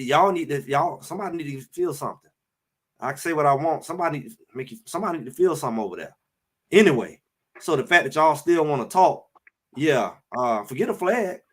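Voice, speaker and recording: A man's voice: fairly high pitch, fairly bright tone. A show host delivering heated, emphatic sports talk, repeating his points. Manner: fired-up, emphatic, repeats phrases.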